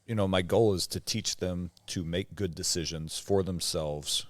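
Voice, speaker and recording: Chill guy with a low voice on a podcast, dry mic, keeps saying like and you know. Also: fairly even intonation, normal speed, no room sound. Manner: easygoing, uses lots of fillers, laughs through stories. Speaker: podcast co-host. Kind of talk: casual chat.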